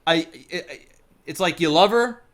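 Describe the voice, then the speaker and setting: Rambling, animated man telling a story. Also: fairly high pitch, measured pace. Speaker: game caster. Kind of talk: casual chat.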